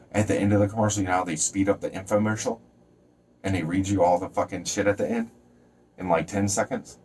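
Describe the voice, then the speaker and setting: Low-voiced guy preaching and cussing, mic kinda far off. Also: a little hiss or hum. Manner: preachy, swearing, jumps between topics; shouts and stretches words when fired up. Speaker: vlogger. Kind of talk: motivational rant to camera.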